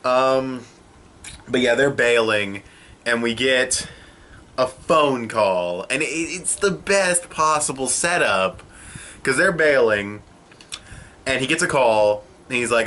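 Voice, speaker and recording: Excitable, bright-voiced young man. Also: mid-range voice, takes it slowly, slight background noise. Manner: excitable and profane, swears often. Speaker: anime reviewer. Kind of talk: casual video review. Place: home room.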